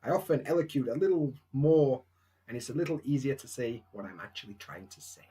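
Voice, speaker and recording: A man's voice: medium pitch, a little fast, warm tone. A young man with a Barnsley Yorkshire accent, chatting casually and self-mockingly at home on a live stream, answering viewers' questions.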